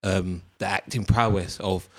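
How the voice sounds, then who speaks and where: A man's voice: low voice, steady tone, unhurried. A man in casual podcast chat, rambling and swearing, with many ums. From Britain.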